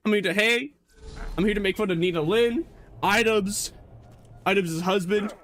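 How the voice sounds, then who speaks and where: A man's voice: sits high, moderate pace, fairly bright tone. A man streaming as a VTuber, chatting casually in a rambling, joking way and correcting himself as he goes, with lots of stammered restarts. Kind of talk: casual livestream chat.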